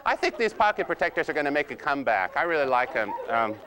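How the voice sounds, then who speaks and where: A man playing a quiet, precise, nerdy analyzer-type husband in comedic role-play, slow and hesitant with many ums and "you see?". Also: fairly high pitch, sing-song, background noise. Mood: deadpan nerdy. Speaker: personality-styles trainer.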